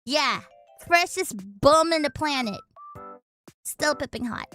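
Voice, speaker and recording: A young woman chatting casually with her stream audience, rambling and breaking into sarcastic, excitable outbursts. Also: sits high, takes it slowly, faint music behind. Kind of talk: casual chat.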